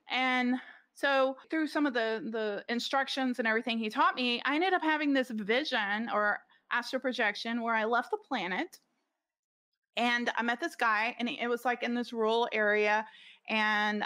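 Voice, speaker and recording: A middle-aged woman guesting on a podcast tells a story in casual conversation, rambling, restarting sentences, and filling in with lots of "like." Her voice is fairly high and fairly bright.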